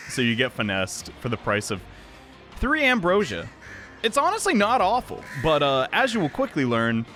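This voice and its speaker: A man casually talking over his gameplay, wry and sarcastic with a lively, bouncing delivery. His voice is bright and a little sharp, with faint music underneath. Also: medium pitch. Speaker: let's play host.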